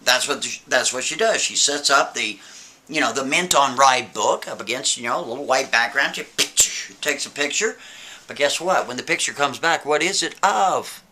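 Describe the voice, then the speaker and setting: A man casually telling a spooky story, lively and full of rhetorical questions. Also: medium pitch, moderate pace. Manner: animated, keeps asking "right?" and rhetorical questions.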